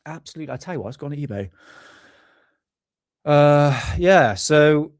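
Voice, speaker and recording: A man's voice: a little high, expressive, moderate pace, no room sound. A middle-aged British man hosting a casual live stream from home, chatty, swearing often and laughing at himself. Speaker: livestream host. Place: home room.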